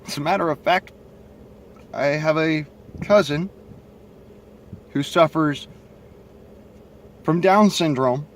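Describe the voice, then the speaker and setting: A man's voice: on the high side, slow, long pauses, a little hiss or hum. A man with a Southern accent and a stutter, talking bluntly and profanely into his cell phone in a rambling monologue. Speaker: vlogger. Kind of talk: casual monologue to camera.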